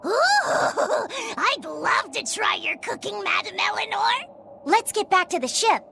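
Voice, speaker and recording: A gentle young boy, voiced by a woman, speaks in a high, soft voice at a slow, careful pace. His manner is earnest and polite. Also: sing-song, creaky, background noise, full character voice. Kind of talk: game voice acting.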